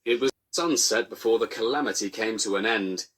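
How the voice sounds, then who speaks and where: A man giving dry, deadpan comic storybook narration. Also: lowish voice, brisk.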